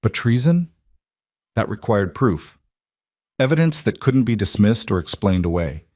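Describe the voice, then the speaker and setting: A man with a low voice narrating a dramatic story in measured, even tones. The recording is dry and close, with no room sound. The reading is steady from line to line. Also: dry recording. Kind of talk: scripted narration.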